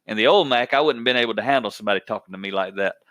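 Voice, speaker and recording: A man's voice: lowish voice, racing, fairly bright tone, no echo. A man hosting a podcast, telling a workplace story in a plainspoken, folksy way, often repeating his words as he goes. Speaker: podcast host.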